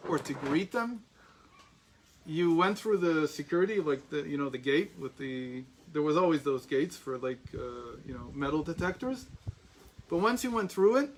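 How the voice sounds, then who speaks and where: A man's voice: on the high side, slight background noise, poor audio. Chatty American man telling a story. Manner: chatty, anecdotal, many restarts and asides. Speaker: teacher. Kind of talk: storytelling lecture. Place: classroom.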